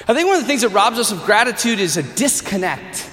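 A man preaching a sermon in an animated, earnest way, with touches of wry humor. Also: sits high, fast talker, few pauses. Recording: echoey hall with long reverb.

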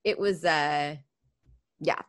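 A woman guest chatting casually about her travels, talking in an unhurried way with many fillers. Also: sits low, no room sound, studio quality. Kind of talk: casual conversation.

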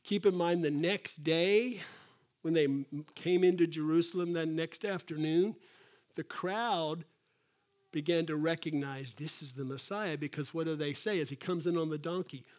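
A man preaching with an animated delivery and a slightly high-pitched voice. He acts out quotes in a raised voice, then drops to soft, quiet asides. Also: moderate pace. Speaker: pastor. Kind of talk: sermon.

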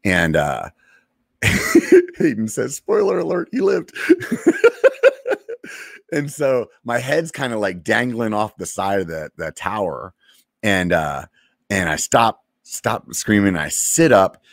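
Deep-voiced man telling a war story. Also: no echo, studio quality. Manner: laid-back, profane, drawn-out pauses and fillers. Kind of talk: casual storytelling.

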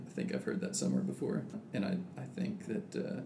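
A man's voice: sits low, very animated, a little fast, few pauses, mellow. A man in casual religious discussion who talks thoughtfully with many restarts and reads scripture aloud. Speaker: podcast co-host. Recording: echoey room with background noise.

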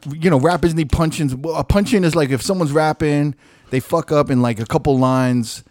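A man's voice: on the high side, normal speed, darkish tone, dry recording, clean studio sound. A man hosting a casual chat, laughing often and swearing casually as he plays back recordings. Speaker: podcast host playing back recordings.

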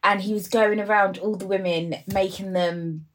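A young woman, co-hosting a casual chat and teasing her friend in a jokey, animated way. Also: mid-range voice, moderate pace.

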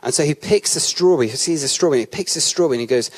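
A man's voice: a little high, rapid-fire, hardly any pauses. A man with a British accent giving a sermon at a church, talking casually and telling personal stories, often restarting his sentences. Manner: conversational storytelling with frequent restarts. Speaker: church speaker.

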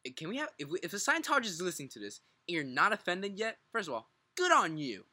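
Lively bright-voiced man mumbling casual podcast chat. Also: sits high, quick pace, no room sound. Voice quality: thick, mumbled articulation. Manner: excitable, swears a lot, laughs often. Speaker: podcast co-host.

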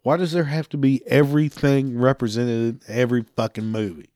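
A man's voice: mid-range voice, fairly even intonation, fairly quick, darkish tone, dry recording, clean studio sound. Man ranting, swearing hard. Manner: angry, swearing heavily, laughing between lines. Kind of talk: profane rant.

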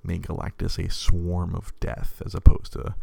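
A man in his thirties hosts a casual podcast chat, his voice low and deep with a gravelly, creaky edge. He rambles, restarts his sentences and stammers over them, and laughs often. The sound is close and dry. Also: monotone, moderate pace, warm tone, no echo.

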